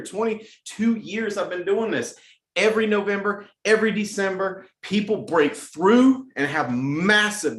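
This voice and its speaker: A middle-aged man hosts a weekly team message with an energetic, hyped-up delivery, hammering points home by repeating them. His voice sits a bit high for a man, and the sound bounces around an echoey room. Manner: energetic, repeats phrases for emphasis. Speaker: sales team leader hosting a weekly message. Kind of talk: motivational team address.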